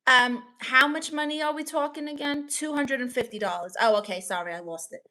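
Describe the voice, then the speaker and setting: A woman's voice: high voice, fairly quick, sharp tone. A woman with a New York accent hosting a livestream, reading the chat and giving playful, sassy advice.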